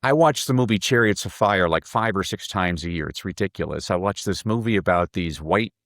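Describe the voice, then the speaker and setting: A man's voice: deep voice, fairly quick, fairly bright tone, no room sound, studio quality. A man guesting on a podcast, telling stories with enthusiasm, often repeating his first words before a sentence gets going. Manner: enthusiastic, repeats words when starting sentences, acts out quotes. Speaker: guest, speaker and professor. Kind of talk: animated podcast storytelling.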